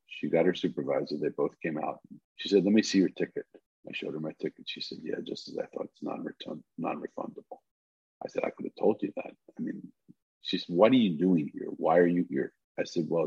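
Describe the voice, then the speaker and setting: A man's voice: extremely low pitch, gravelly, husky, no echo. An older man, a podcast guest, telling a long story and acting out the dialogue as he goes. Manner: animated storyteller who acts out the dialogue. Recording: slightly muffled recording.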